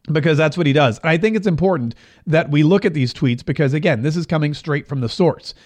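Chatty talk-show man, slightly high. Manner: chatty and opinionated, with frequent restarts and laughs. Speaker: political commentary host. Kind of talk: casual talk-show commentary.

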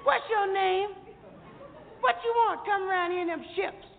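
Brief: male comic as a brassy, hostile young woman, falsetto; thin, noisy old record. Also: moderate pace, vocal fry, crowd noise. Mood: defiant. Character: sassy young native woman, defiant and hostile. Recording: tinny, hissy, reverberant comedy record.

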